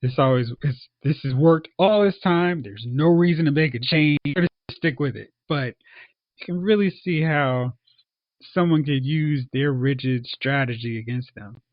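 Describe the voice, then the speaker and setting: A man co-hosting a podcast, casually reviewing a show and acting out characters in quick asides. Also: fairly high pitch, dry recording. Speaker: podcast co-host. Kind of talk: casual movie review chat. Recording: dull, dry lo-fi sound.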